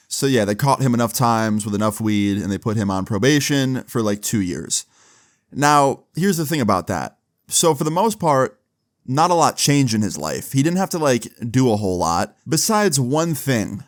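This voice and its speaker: A man with a fairly low voice tells a story in a casual, laid-back way, with frequent swearing and many uses of 'like'. His voice sounds dry and close, with no room echo. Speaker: storyteller vlogger.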